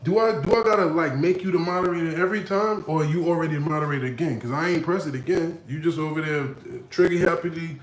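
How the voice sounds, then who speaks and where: A man hosting a livestream, reading viewer comments in a playful, animated, laughing banter. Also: on the high side, quick pace, hardly any pauses, roomy sound. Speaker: livestream host. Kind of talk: casual live chat reading viewer comments.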